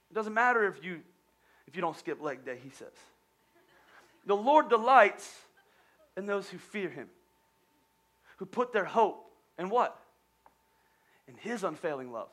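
A male pastor delivering an energetic sermon in a storytelling manner, stumbling and restarting at times. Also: sits high, moderate pace, pauses often.

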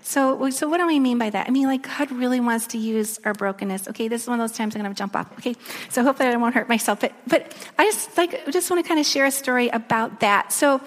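A middle-aged woman preaching a sermon, telling a personal story in a chatty, lively way full of fillers. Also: fairly high pitch, fast. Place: church hall. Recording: long reverb in a large hall.

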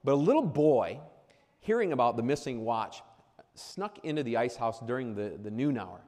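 A man's voice: mid-range voice, lively intonation, normal speed, mellow, big-room sound. A man preaching an earnest sermon to new ministers, hammering points through repetition, with frequent restarts. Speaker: pastor addressing new ministers.

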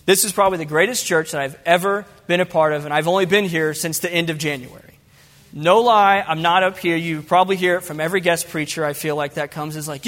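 A young man preaches an earnest, pleading sermon as a guest in a church. His voice sits high for a man and carries a heartfelt tone. The sound rings with the long reverb of a church hall. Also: a bit bright. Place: church sanctuary.

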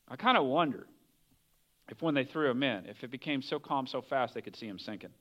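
A man's voice: mid-range voice, lively intonation, brisk, muffled recording. A man preaching a conversational sermon, often asking the listeners questions. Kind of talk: casual sermon.

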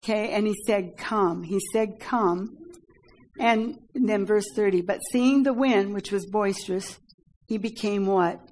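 Woman, Bible study teacher; earnest, halting scripture reading and teaching. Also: medium pitch, a little mellow, a little hiss or hum, low-quality recording. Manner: earnest, with frequent fillers and "Amen?" prompts.

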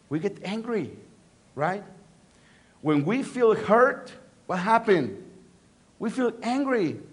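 High-voiced man preaching a sermon. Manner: animated storytelling, swinging from loud emphasis to hushed, repeats phrases for effect. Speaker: pastor.

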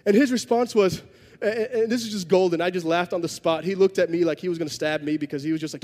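High-voiced man preaching in a reverberant hall. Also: fast talker, a little mellow. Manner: conversational, self-deprecating humor. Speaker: pastor. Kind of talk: sermon with storytelling.

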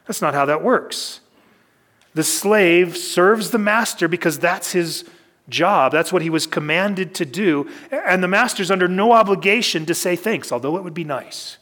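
Guy pastor teaching thru a bible passage, kinda high voice, easygoing talk. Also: a little slow, fairly bright tone. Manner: conversational teaching, reads scripture aloud, varied pacing. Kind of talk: expository sermon.

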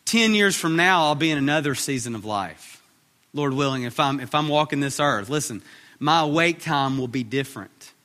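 A man's voice: mid-range voice, expressive, normal speed, bright, forceful tone. A man in his thirties preaching a sermon in a conversational way, repeating short phrases for emphasis. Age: 30s. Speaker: pastor. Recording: reverberant hall.

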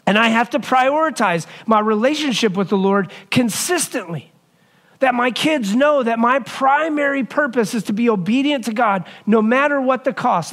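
A middle-aged man gives a sermon in a church sanctuary, talking in a relaxed, conversational way. His voice sits high for a man. He drops his pace and leans on the words when he reaches the points he wants remembered. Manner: conversational, slows down to stress key lines. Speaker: pastor.

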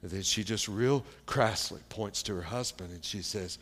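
A man preaching a sermon, telling a personal story in a slow, plain-spoken way with pauses and fillers. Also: fairly low pitch, fairly bright tone, slightly rough.

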